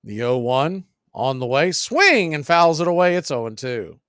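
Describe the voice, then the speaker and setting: A man calls a baseball game pitch by pitch in a slightly high voice, recorded dry and close. He drops wry asides between the calls. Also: normal speed, dry recording. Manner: steady, wry calling of pitches. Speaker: play-by-play announcer. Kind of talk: radio play-by-play commentary.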